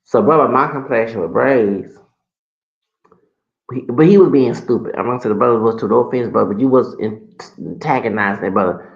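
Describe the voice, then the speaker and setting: A man's voice: mid-range voice, fairly quick, creaky, roomy sound, dull audio. A man in his late thirties telling a personal story in a sassy, profane rant full of restarts. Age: late 30s. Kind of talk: ranting casual storytelling.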